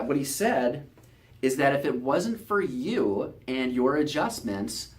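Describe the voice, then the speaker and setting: A chiropractor telling a patient's story in a promotional video, talking in an earnest, conversational way. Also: male voice, mid-range voice.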